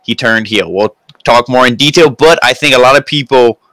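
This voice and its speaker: A man's voice: mid-range voice, normal speed, a bit bright, no echo. A man reviewing a wrestling show in casual podcast chat, rambling with loose restarts.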